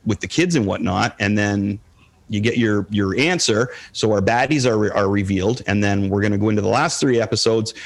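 A man hosting a casual pop-culture podcast chat, animated and rambling with frequent restarts. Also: lowish voice, brisk.

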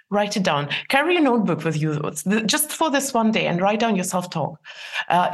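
A woman in her forties, a guest in an interview, giving earnest advice with frequent laughs and restarts. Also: on the low side. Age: 40s. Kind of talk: interview conversation.

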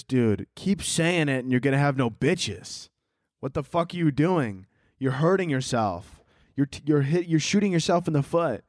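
A man's voice: fairly high pitch, expressive, moderate pace, no room sound, studio quality. A young man hosting a podcast, with a rambling, profane comic monologue, often laughing at his own jokes. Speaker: podcast host. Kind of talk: casual comedic monologue.

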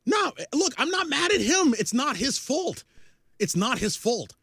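A man's voice: very high-pitched, big pitch swings, a little slow, creaky, bright, forceful tone, slightly rough, no room sound, clean studio sound. A man in his forties, a podcast co-host, ranting casually with a profane, exasperated manner.

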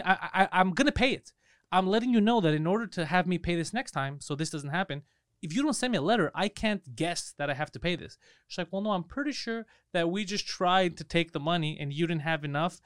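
A man rattling off a story at a fast clip, his voice smooth and clear and fairly high for a man. He swears freely and acts out both sides of the argument. The recording is dry and close-miked, as in a studio. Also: no echo. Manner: animated, profane storyteller acting out dialogue. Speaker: podcast co-host. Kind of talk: casual storytelling.

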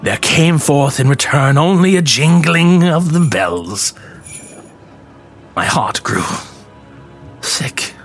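Slow, theatrical male horror narrator. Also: on the high side, lively intonation, soft background music. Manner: slow, theatrical, dropping to hushed whispers for dread. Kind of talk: dramatic reading of a classic horror story.

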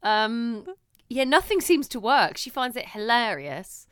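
A woman's voice: fairly high pitch, unhurried, smooth, dry recording, studio quality. A woman, co-hosting a casual chat podcast and telling stories animatedly. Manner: animated storytelling, acts out her own reactions. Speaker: podcast co-host.

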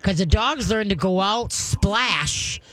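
A woman's voice: mid-range voice, expressive, slow. Folksy radio dog trainer woman. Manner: folksy, emphatic, laughs often. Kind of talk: call-in radio advice.

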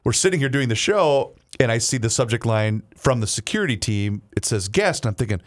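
A man's voice: mid-range voice, animated, brisk. A man hosting a radio show, chatting casually and telling rambling stories full of restarts. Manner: rambling, self-interrupting storyteller.

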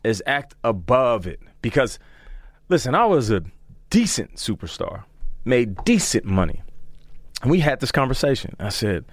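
A man spins stories as a podcast guest, lively and expressive, jumping into the voices of the people he quotes. His voice sits at a middling pitch. The studio sound is close and dry. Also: normal speed, no echo. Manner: animated, acts out quoted voices. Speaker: podcast guest, former football player. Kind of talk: casual storytelling.

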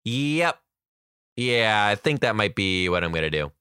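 Upbeat, bright-voiced male podcast host. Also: fairly low pitch, big pitch swings, a little slow, clean tone, no room sound, clean studio sound. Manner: upbeat, chatty, playful. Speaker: podcast host and kindergarten teacher. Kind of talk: casual solo podcast chat.

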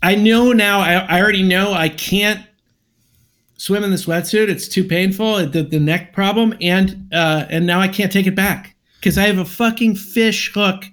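A man's voice: high-pitched, normal speed, fairly bright tone. A man casually telling a long personal story on a podcast, acting out both sides of an argument.

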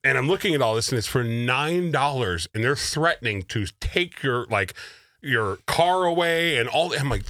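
A man's voice: medium pitch, normal speed, no room sound. A man co-hosting a podcast, telling a story in casual chat and acting out the voices of the people in it. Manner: animated storyteller, acts out quoted voices. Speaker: podcast co-host.

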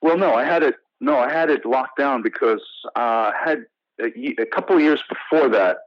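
A man's voice: mid-range voice, normal speed, dry recording. American man telling stories in a slightly lo-fi remote interview. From United States. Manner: animated storyteller, many restarts and "you know". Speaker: actor guest. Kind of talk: casual interview storytelling.

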